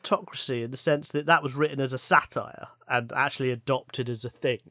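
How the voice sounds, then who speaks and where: A man's voice: mid-range voice, steady tone, fast, pushed and bright, dry recording, studio quality. A man co-hosting a casual comedy podcast, rambling through trivia with frequent restarts. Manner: digressive, trivia-sharing, hesitant restarts. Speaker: podcast co-host.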